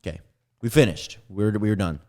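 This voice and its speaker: Young man, fairly low voice, rambling storyteller, acts out quotes, casual podcast chat. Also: fast talker. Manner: rambling, animated retelling with acted-out quotes.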